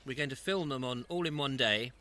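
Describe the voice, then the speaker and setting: A man's voice: mid-range voice, a little fast, sharp tone. A man hosting a casual live stream at an allotment, chatting and reading out viewer comments between mouthfuls. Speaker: host. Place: outdoors at an allotment. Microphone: lapel mic.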